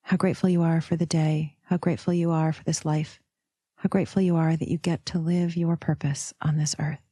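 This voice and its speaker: A woman podcast host leading a slow, soft guided meditation, sometimes dropping into a whisper and calling the listener sister. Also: low-pitched, flat delivery, husky, no echo, clean studio sound. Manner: calls listener "sister", affirmations.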